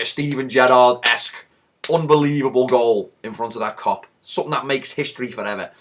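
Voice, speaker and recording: A hoarse man with a Liverpool accent, recapping a football match in a rowdy, swearing storytelling way. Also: on the high side, fairly bright tone. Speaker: football fan vlogger.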